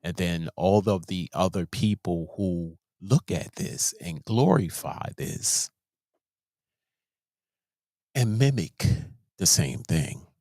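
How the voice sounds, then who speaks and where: A man's voice: low voice, takes it slowly, warm tone, no echo, clean studio sound. A man hosting a show, giving casual commentary in an emphatic way, often repeating and restarting his words. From Baltimore, USA. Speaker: host.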